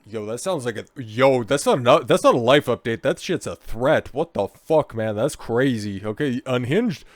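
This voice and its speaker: Expressive and at a moderate pace, this medium-pitched male commentary host reacts with sarcasm, mockery and frequent swearing. He checks in with listeners by ending phrases with "okay?" or "right?", and the audio has no echo.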